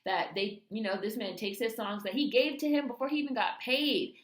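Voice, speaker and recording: A woman's voice: fairly high pitch, a little fast, roomy sound. A woman giving a casual film review, candid and profane, with lots of filler words.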